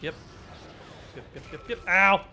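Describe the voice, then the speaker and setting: Slow-talking young man swearing at a horror game. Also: high voice, lively intonation, gravelly, bright, forceful tone, slight background noise. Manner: swears often, jokes, yelps at jump scares. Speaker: gamer playing a horror game. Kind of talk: casual let's-play commentary.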